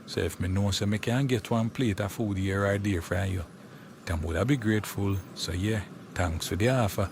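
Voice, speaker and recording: A man voicing a kindly, calm young Jamaican man who soothes his neighbour in an animated cartoon. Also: fairly low pitch, moderate pace, slight background noise, close to an everyday voice.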